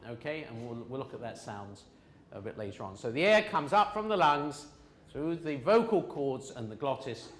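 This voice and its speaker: A man's voice: mid-range voice, sing-song, moderate pace, echoey room. A man teaching a pronunciation class, patiently explaining sounds step by step and drilling his students. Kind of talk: classroom lesson.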